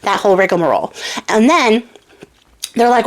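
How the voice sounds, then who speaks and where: A young woman casually retelling a fairy tale, irreverent and swearing, slipping into quick character voices. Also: on the high side, animated. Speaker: storyteller and crafter.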